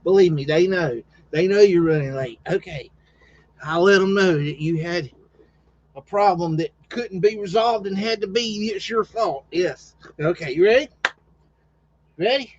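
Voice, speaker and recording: A man hosting a live stream in casual chat, rambling and halting with lots of fillers and restarts. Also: high voice, a little hiss or hum. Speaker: livestream podcast host. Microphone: home computer setup with webcam. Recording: dull lo-fi stream audio.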